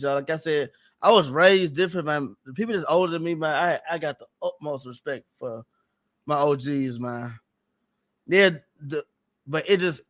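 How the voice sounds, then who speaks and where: A man's voice: fairly high pitch, fairly bright tone. A man talking casually on a livestream, rambling and repeating himself in an earnest, aggrieved way. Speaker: streamer guest.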